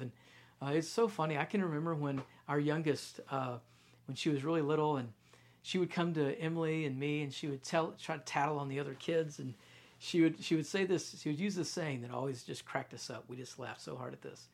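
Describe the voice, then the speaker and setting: A man in his thirties, a pastor preaching a sermon in a conversational, storytelling way that drops into quiet, intense stretches. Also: on the high side, fairly even intonation, fairly quick.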